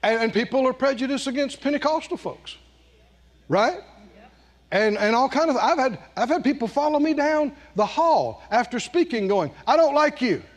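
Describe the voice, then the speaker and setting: A man from the American South with a Southern drawl, preaching a sermon, often laughing and dropping low and soft for emphasis. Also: animated, moderate pace, big-room sound.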